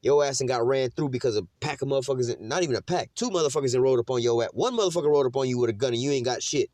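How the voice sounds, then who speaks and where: A religious teacher gives an informal, preachy and mocking scripture lesson loaded with street slang and cursing, constantly dropping "man" and "you know what I'm saying." His mid-range voice has a darkish tone and moves very fast, with no echo.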